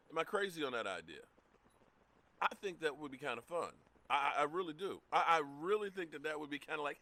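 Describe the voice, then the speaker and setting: A middle-aged man hosting a casual live sports talk stream, greeting chat viewers by name in an animated way. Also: on the high side, fairly quick, no room sound. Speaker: livestream sports show host.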